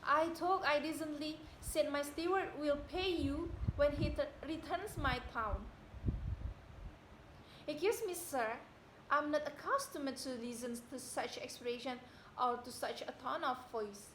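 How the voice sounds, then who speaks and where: A young woman playing a proud young widow in an amateur stage reading, speaking in a declamatory way that climbs to indignant shouting. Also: sits high, measured pace, slight background noise. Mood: cool refusal. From Indonesia. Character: proud young widow, haughty and quick to anger. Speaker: student actor. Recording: echoey room.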